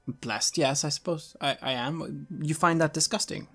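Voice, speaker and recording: A woman's voice: low-pitched, normal speed, breathy edge, soft background music. A woman player speaking in character in a hesitant, uncertain way.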